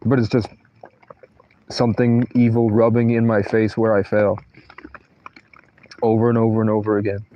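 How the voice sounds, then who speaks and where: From inside a tent in a thunderstorm, a man livestreams in a lowish, dark voice with little pitch movement, at normal speed but pausing often. He meanders through personal stories with profanity and unfinished sentences. The highs are cut off and there's slight background noise.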